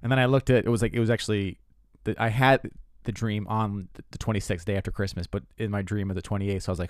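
Racing along in a fairly low voice, a twenty-something comedian and host tells stories as a casual comedic monologue. He rambles, swears, mocks himself, and keeps restarting, captured in clean studio sound with no echo.

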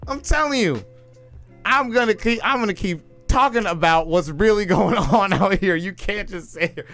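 High-voiced, ranting man. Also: normal speed, soft background music. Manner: excitable, ranting, peppered with "you know what I'm saying". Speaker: podcast host. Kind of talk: comic ranting podcast chat.

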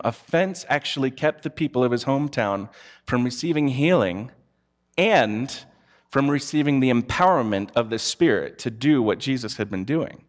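Candid man preaching conversationally. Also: medium pitch. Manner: personal storytelling, candid. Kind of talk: conversational sermon.

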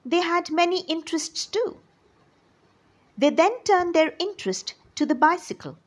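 A woman reading a true story aloud to children, in an expressive storytelling manner and speaking directly to her young listeners. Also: very high-pitched, unhurried.

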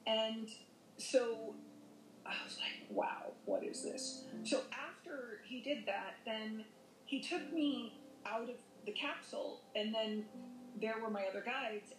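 A woman's voice: a little high, slight background noise. A woman telling a personal near-death story as a podcast guest, rambling with many fillers and self-corrections. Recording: echoey room.

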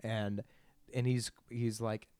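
Brief: young male podcast host, low voice, dry close sound, crude and giggly rambling. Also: little pitch movement, slow, a little mellow, smooth, no room sound. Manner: crude, laughing, self-deprecating storytelling. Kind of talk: rambling solo podcast monologue.

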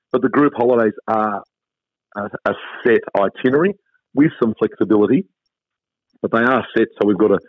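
An Australian man, a travel company guest, chatting in a relaxed, upbeat way during a phone interview. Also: mid-range voice, no echo. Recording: dry tinny phone line.

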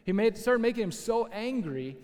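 A man preaching a sermon as a pastor, telling a story in a lively, conversational way with asides to the listeners. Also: sits high, normal speed. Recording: long hall reverb.

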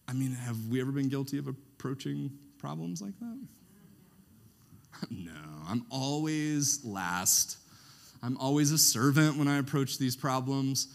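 A man preaching a sermon, who often pauses so that the congregation can finish his sentences. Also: mid-range voice, animated, vocal fry. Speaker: pastor.

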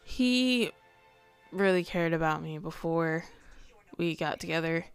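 Soft music plays behind a teenage girl's low, smooth voice as she talks slowly with lively intonation. Tired and yawning, she hosts her podcast late at night in a confessional monologue, speaking hesitantly and softly and often sinking to a near whisper.

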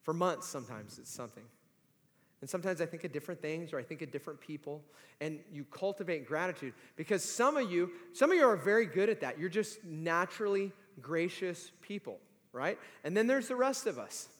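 A man in his forties preaching a sermon, telling animated stories and acting out the voices of the people in them. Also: a little fast. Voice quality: high voice that climbs to shouts in stories. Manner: animated storytelling, acts out quoted voices. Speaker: pastor. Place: church sanctuary. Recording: long hall reverb.

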